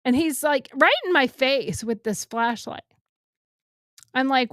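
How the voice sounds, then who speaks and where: A middle-aged woman co-hosts a talk show from home and tells a long story in casual chat. Her voice sits a little high and is recorded close and dry. She jumps up in pitch to act out what others said. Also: unhurried, no echo. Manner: animated, acts out quotes with rising pitch.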